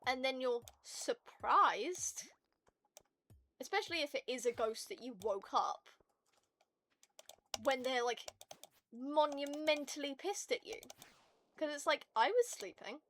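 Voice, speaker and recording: Foul-mouthed woman streamer, slightly high voice. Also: slow, pauses often, a little hiss or hum. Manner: profane, animated ranting. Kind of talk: casual chat with stream viewers.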